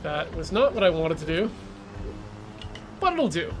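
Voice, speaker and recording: A man's voice: a little high, sing-song, measured pace, over music. A man streaming a sim racing game, chatting casually, coaching himself and joking with viewers. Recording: game car engine noise underneath. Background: racing game engine and track sounds.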